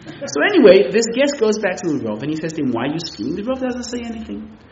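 Animated man giving a sermon. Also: sits high, quick pace, a little hiss or hum. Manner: animated, emphatic, uses Yiddish and Hebrew terms. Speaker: rabbi, religious teacher. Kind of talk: sermon with storytelling. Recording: echoey, slightly muffled room recording.

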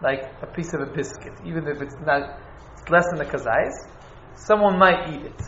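A man teaching an informal class on Jewish law, halting and restarting as he explains. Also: fairly high pitch, fairly bright tone, a little hiss or hum. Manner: halting, restarts, Hebrew and Yiddish terms. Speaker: Torah teacher. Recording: echoey, dull room recording.

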